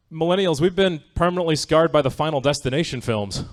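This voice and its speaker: A man's voice: fairly high pitch, brisk, few pauses. A man doing a stand-up comedy set on a theatre stage. He talks in a loose, wry, conversational way and often checks in with the crowd. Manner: conversational, wry, asks the audience "right?".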